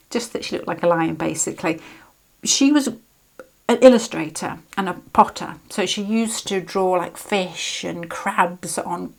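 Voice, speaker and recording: Rambling British woman reading tarot. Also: fairly low pitch. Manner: rambling and digressive, often restarting mid-sentence. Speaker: tarot reader. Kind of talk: casual tarot reading to camera.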